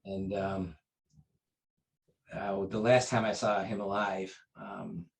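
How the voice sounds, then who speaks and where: Slow and gravelly, with little pitch movement, a man who instructs martial arts tells his own story in an easygoing interview. He rambles with fillers and restarts, acting out quoted speech at raised pitch and volume, on a rough recording.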